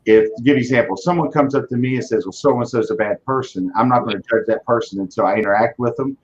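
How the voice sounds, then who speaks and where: A man's voice: mid-range voice, racing. A man who leads a car business, talking earnestly in a casual interview and often repeating words as he starts a thought. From Virginia, US. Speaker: car dealership leader, guest. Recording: dull lo-fi audio.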